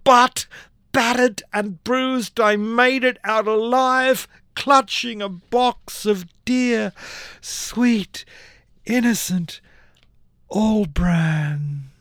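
A man's voice: high-pitched, very slow, fairly bright tone, no room sound, clean studio sound. A man, a poet, performing his comic poem with a theatrical delivery and big dramatic swings in his voice. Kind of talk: performance poetry reading.

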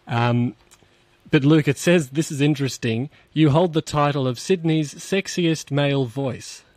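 A man, a radio host interviewing a guest in a friendly, slightly halting way. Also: fairly high pitch, a little mellow, no echo. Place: radio studio.

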